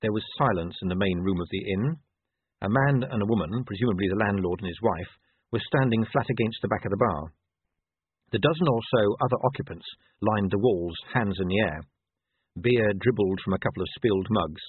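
A man narrating an audiobook in a measured, expressive way. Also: lowish voice, breathy edge, no room sound. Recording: tinny phone-like dry sound.

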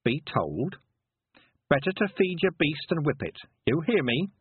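A stern old countryside witch, as a man puts her on, speaks in a calm, menacing rural dialect. Her voice sits well above the reader's own and comes through thin and tinny, like a phone line, with no room sound at all. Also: fairly high pitch, unhurried, breathy edge, no room sound, voice pushed up, full character voice. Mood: coolly menacing.

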